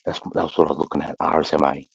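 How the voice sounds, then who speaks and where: An Australian army veteran hosting a casual livestream chat, blunt and full of swearing, calling everyone mate and bro. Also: male voice, very deep voice, flat delivery, rapid-fire, gravelly, slightly rough, no echo. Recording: dull lo-fi sound.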